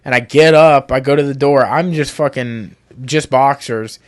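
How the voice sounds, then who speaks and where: A man chiming in during a casual podcast chat, swearing and getting excited as he talks. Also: medium pitch, moderate pace.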